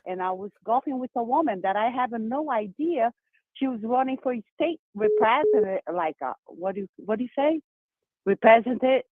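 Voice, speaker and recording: Excited Brazilian woman calling in by phone. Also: fairly high pitch, dry recording. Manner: fast, excited, emphatic talker. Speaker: caller. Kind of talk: call-in phone chat. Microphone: telephone. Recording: tinny dry phone line.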